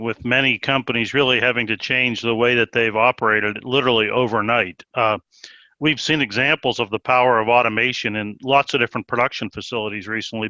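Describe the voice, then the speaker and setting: A man in his fifties, an industry executive answering panel questions in a relaxed way, with many "you know" and "kind of" fillers. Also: medium pitch, no echo. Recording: dull, lo-fi remote audio.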